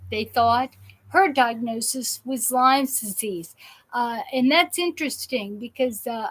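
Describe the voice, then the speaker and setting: A woman's voice: fairly high pitch, rough recording. A woman hosting a live show, chatting casually and rambling with many restarts and fillers. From South Jersey. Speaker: host of a live patient show. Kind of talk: casual live-stream chat.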